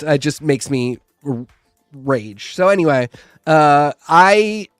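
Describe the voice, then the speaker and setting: Brief: male co-host, higher voice, fast animated rants, dry room. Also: clear, resonant tone, no room sound. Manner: animated, quick ranting. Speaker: podcast co-host. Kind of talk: casual chat.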